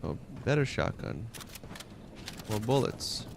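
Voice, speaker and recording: A man's voice: mid-range voice, animated, slow pace, creaky, noisy background. A man with a Long Island accent giving casual commentary as he plays a game, chatty and muttering to himself while he loots. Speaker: game streamer.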